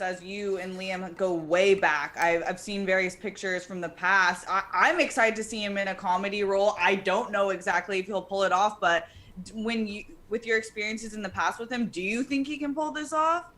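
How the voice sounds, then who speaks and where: A woman's voice: mid-range voice, normal speed, fairly bright tone. A woman with a mid-range voice on a comedy panel. She speaks to the host with mock reverence, tossing in crude jokes.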